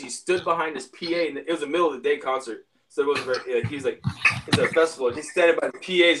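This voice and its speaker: A man's voice: fairly high pitch, background noise. Profane, rambling man telling stories. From Spokane, Washington area. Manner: rambling, profane, animated retelling. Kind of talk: casual storytelling chat.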